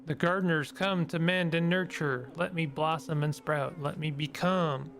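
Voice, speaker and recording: A man voicing an eerie possessed female bird-creature who speaks slowly and dreamily with a Southern US accent. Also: fairly high pitch, steady tone, a bit bright, a little hiss or hum.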